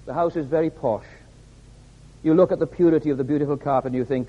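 A man's voice: a little high, quick pace. A man preaching a sermon in a church, stressing points by repeating his words. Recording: reverberant hall, dull lo-fi sound.

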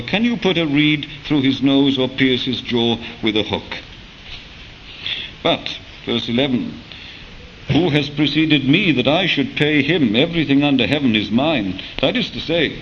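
A man preaching a sermon, speaking in a measured way with rhetorical questions and occasional hesitations. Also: medium pitch, lo-fi sound, a little hiss or hum.

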